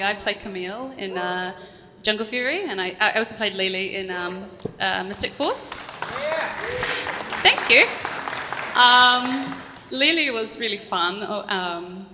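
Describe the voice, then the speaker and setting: A woman's voice: mid-range voice, bright, forceful tone, slight background noise. A woman with a New Zealand accent speaking on a convention panel in a friendly, chatty way with many fillers. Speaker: panel guest. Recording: echoey convention hall.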